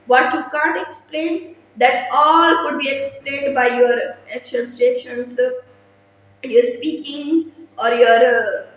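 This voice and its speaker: A high-pitched woman teaches in an earnest, advisory way, checking in with her listeners as she goes. She sits back from the mic, and her voice rings around a very echoey room. The sound is slightly muffled, with a faint hiss behind it. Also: takes it slowly, fairly bright tone. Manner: earnest, advisory, frequent "uh" and "okay?". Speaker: English teacher. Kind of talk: spoken English lesson. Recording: roomy echo, distant mic, muffled.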